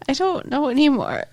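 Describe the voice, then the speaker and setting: Woman cohost, playful and giggly, high lively voice, takes her time. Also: a little hiss or hum. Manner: playful, giggly, deadpan teasing. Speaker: podcast co-host. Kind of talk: casual chat.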